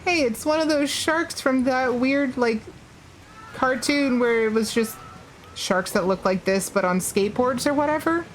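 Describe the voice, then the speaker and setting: A woman's voice: high-pitched, moderate pace, a little hiss or hum. Chatty woman game streamer. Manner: chatty and emotional, with fillers. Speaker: livestreamer. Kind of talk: casual game-stream commentary.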